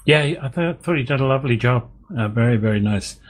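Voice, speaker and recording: A man's voice: medium pitch, fast talker, noisy background. A man co-hosting a podcast, chatting casually, readily agreeing and chuckling, with hesitant restarts. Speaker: podcast co-host. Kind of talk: casual chat.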